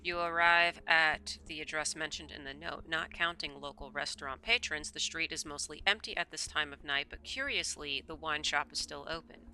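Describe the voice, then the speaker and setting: A woman's voice: deep voice, moderate pace, few pauses, bright, forceful tone. A woman streamer reading a visual novel aloud, breaking off into rambling asides full of stammered repeats.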